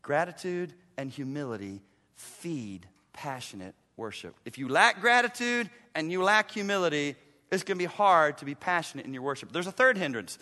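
A man preaching a passionate sermon as pastor, swinging between loud emphasis and hushed asides in a church. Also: a little high, animated, normal speed, long reverb tail. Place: church sanctuary.

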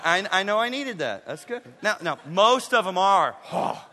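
A man preaching a sermon to his congregation, animated and acting out his listeners in quoted voices. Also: sits high, normal speed, hardly any pauses, big-room sound, slight background noise. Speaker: pastor. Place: church sanctuary.

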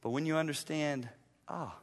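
A man preaching a passionate sermon as pastor, swinging between loud emphasis and hushed asides in a church. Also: on the high side, moderate pace, in a large hall. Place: church sanctuary.

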